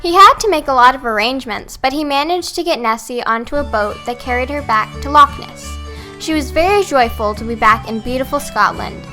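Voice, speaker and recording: A woman narrating a storybook in a steady reading voice. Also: high voice, a little fast, faint music behind.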